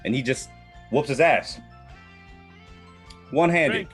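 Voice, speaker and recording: A man's voice: mid-range voice, takes it slowly, a bit bright, husky, soft background music. A man in his thirties hosting a podcast, recapping a manga in a rambling, profane way. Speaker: podcast host presenting a manga. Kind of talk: casual chat.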